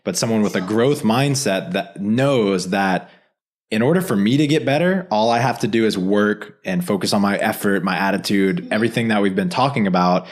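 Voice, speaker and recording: A male podcast host reacting with enthusiasm, then turning reflective as he responds to his guest. His voice sits a little low for a man and has an ordinary, natural tone. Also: moderate pace. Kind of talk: casual interview.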